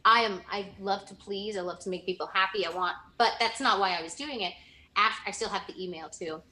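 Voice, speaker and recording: A woman's voice: mid-range voice, brisk, pushed and bright, roomy sound. A young woman in a casual interview, talking earnestly about past mentors and often restarting her sentences. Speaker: interviewee, former student.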